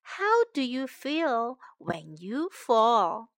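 A woman reading a bilingual children's story aloud slowly and gently, asking the young listeners questions and teaching English. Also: on the high side, sing-song, no room sound, clean studio sound. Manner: slow, gentle, clearly enunciated.

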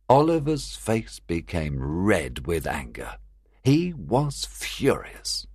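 A man narrating a simplified classic novel for learners in a clear, deliberate way. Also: sits low, dry recording, studio quality. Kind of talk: graded reader audiobook narration.

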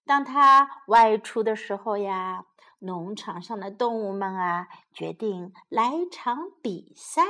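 A woman teacher reading a children's storybook aloud in English and then retelling it, slow, clear and expressive. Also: a little high. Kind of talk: bilingual storybook read-aloud for kids.

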